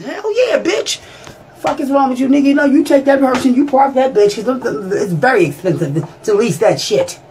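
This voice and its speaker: A man's voice: extremely high pitch, fairly bright tone. A man playing a flamboyant, bossy male mortician diva, delivering a brash, profane comedy monologue with an insult tacked onto almost every line. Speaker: comedic character.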